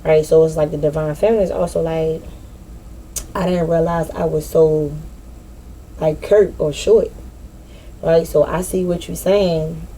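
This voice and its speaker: Woman, casual spiritual vlog monologue, blunt and profane, slangy; lowish mellow voice, faint outdoor ambience. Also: steady tone, a little slow, pauses often, slight background noise, poor audio. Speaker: spiritual vlogger. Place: outdoors in nature.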